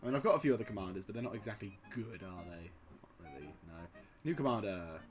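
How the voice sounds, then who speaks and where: A man casually commenting on a strategy game, rambling and excitable, swearing freely and chuckling at his own jokes. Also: fairly low pitch, quick pace, faint music behind. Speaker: gaming channel host.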